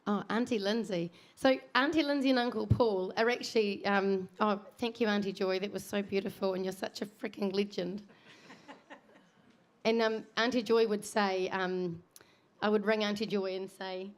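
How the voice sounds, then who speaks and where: A woman's voice: medium pitch, normal speed. A middle-aged woman hosting a family memorial service in a church, talking in a chatty, rambling way and laughing between asides.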